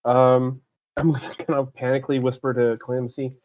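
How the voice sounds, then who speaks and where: A man's voice: medium pitch, level tone, brisk, darkish tone, no room sound, rough recording. A man playing a tabletop game, chatting with laughs and swearing. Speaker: player.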